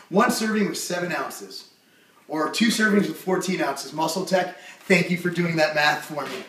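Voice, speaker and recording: Loud goofy man in an echoey room. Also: fairly high pitch, normal speed, distant mic. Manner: loud, goofy, jokey, bursts of shouting. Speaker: supplement reviewer. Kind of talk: jokey product review vlog.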